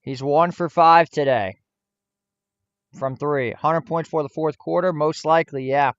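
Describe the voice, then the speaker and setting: A young man doing fan play-by-play of a basketball game, excitable and swearing. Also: fairly high pitch, a little slow, dry recording, lo-fi sound. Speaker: play-by-play streamer.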